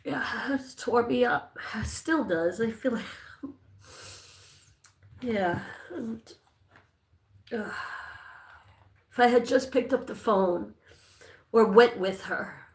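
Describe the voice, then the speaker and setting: A woman's voice: on the high side, slow, pauses often. A woman hosting a casual livestream, telling a personal story in a rambling way with many fillers and restarts. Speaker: livestream host. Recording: echoey room.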